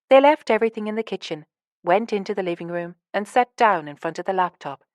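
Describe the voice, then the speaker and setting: This scripted narration comes from a female audiobook narrator with a mid-range voice, reading a novel in an even, measured storytelling way. The recording is dry and of studio quality.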